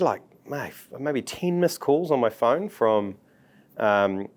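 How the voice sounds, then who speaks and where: A man, telling a story in an interview and acting out the voices he quotes. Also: fairly low pitch. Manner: animated, acts out quoted voices. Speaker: commentator recalling events.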